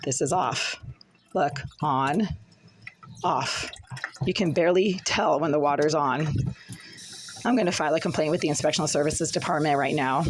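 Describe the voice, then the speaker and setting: A woman with a husky, smoker-like voice filming herself in her apartment kitchen, delivering an agitated, accusatory rant. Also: lowish voice, slight background noise, poor audio. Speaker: vlogger. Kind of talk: angry complaint vlog.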